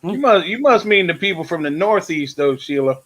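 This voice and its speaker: A man's voice: high-pitched, animated, moderate pace, fairly bright tone. Laid-back Southern man, joking. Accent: Southern American. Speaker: live stream co-host. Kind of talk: casual live stream chat.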